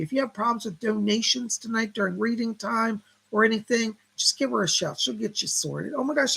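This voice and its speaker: Gravelly, husky-voiced man chatting on a live stream. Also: very high voice, fairly bright tone, poor audio. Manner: gushing, chatty, full of exclamations. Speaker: psychic medium hosting a live stream. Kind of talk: casual live-stream chat.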